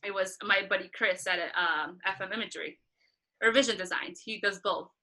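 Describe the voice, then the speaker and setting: A woman concert photographer telling a story in a casual interview, animated and acting out what others said, laughing often. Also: medium pitch, normal speed, low-quality recording. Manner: animated, acts out quoted voices, laughs often.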